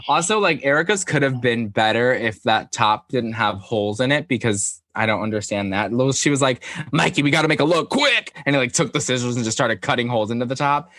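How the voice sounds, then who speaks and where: A man in casual chat, campy and profane with quick jokes. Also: medium pitch, fairly bright tone, no echo, clean studio sound.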